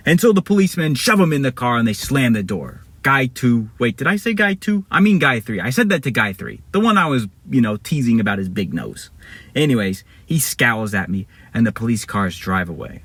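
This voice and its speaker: A man's voice: mid-range voice, lively intonation, moderate pace, a bit bright, dry recording. A man telling a made-up adventure story casually, rambling and correcting himself as he goes.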